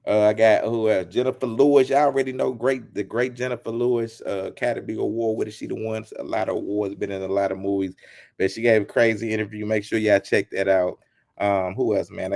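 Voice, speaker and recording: Retelling a story on his channel, a male host with a lowish, darkish voice and vocal fry delivers animated commentary full of teasing jokes. He acts out quotes and repeats lines as he goes.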